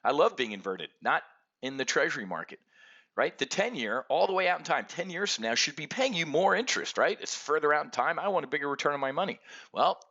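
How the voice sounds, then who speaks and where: A middle-aged man hosting an options trading show, giving a brash, energetic market commentary rant and calling out to the folks watching. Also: on the high side, quick pace, dull audio. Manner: brash and animated, keeps addressing folks.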